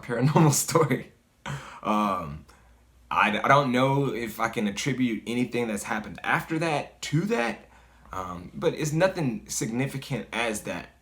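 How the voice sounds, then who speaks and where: A man's voice: on the low side, fairly bright tone. A man casually telling a personal story in a loose, conversational way, full of fillers and swearing. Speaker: guest storyteller.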